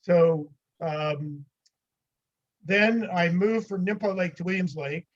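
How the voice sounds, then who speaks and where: A man's voice: high voice, slow pace, muffled recording. An older man from the United States, a podcast guest, telling rambling anecdotes with chuckles in a casual interview.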